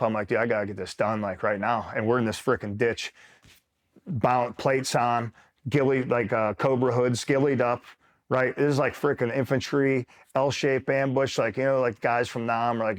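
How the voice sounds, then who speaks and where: A middle-aged retired Marine from New York State telling a war story in casual, profane talk, full of "like" and "right?". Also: male voice, medium pitch. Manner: profane, rambling, filler-heavy with frequent "right?".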